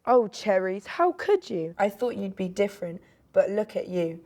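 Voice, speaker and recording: A woman's voice: medium pitch, normal speed, a little mellow, lightly acted. A woman voicing a long-bearded male wizard in a storybook reading, exclaiming in a raised voice. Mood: angry.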